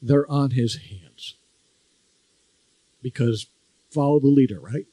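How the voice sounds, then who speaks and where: An indignant man scolding in a political opinion monologue. His voice is very dark and mellow, recorded dry with almost no room sound. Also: mid-range voice, slow, dry recording. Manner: indignant, scolding, mocking mimicry. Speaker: political commentator.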